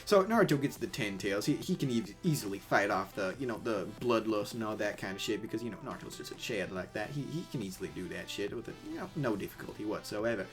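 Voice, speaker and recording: A man's voice: fairly low pitch, expressive, fast, hardly any pauses, soft background music. A man casually retelling an anime plot as a rambling comedy story, full of fillers and crude jokes.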